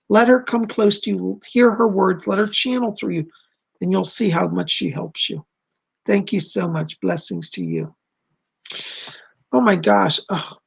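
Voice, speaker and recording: Guy doing psychic readings on a livestream, super gravelly and kinda husky, soft reassuring chatty vibe, voice getting hoarse. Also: sits high. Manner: gentle, reassuring, chatty with viewers. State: losing his voice. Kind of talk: live stream reading viewer questions.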